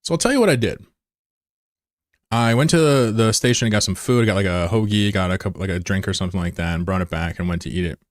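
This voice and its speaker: A young man telling a story in casual, self-mocking chat, animated as he retells it. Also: deep voice, fast, dry recording, clean studio sound. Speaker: streamer. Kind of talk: casual storytelling while gaming.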